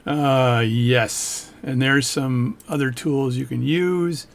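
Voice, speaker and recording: A man's voice: medium pitch, fairly even intonation, takes it slowly, vocal fry. A man who repairs watches, reviewing a book in a rambling, casual way, with frequent joking asides and self-interruptions. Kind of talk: casual talk on camera.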